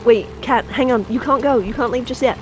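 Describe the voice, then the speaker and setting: A woman's voice: a little high, brisk, over music. A woman from Yorkshire with a Yorkshire accent, co-hosting a game stream, chatty and teasing as she reads out chat. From Yorkshire, England. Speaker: co-host. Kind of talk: casual stream chat, reading chat aloud.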